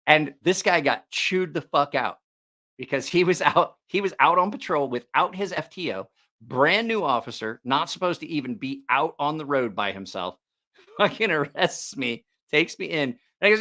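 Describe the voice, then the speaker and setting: A man hosting a knife channel, telling stories in a casual, profane, animated way. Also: on the high side, moderate pace. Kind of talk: casual storytelling chat.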